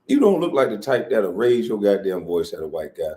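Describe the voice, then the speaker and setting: Husky man ranting. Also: very animated, fairly quick, warm tone. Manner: mocking, impersonates others in high put-on voices. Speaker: commentator reacting to a controversy. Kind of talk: animated rant commentary.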